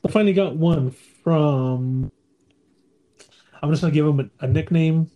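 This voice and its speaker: A man's voice: a little high, measured pace, dull audio. A man co-hosting a casual podcast, joking loosely, laughing often and reading listener emails aloud. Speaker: podcast co-host. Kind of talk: casual chat.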